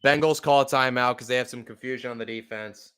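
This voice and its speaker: A young man giving live, profane fan play-by-play of a football game, exasperated and bursting into loud outbursts. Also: medium pitch, fairly even intonation, fast talker, smooth. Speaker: podcast play-by-play host.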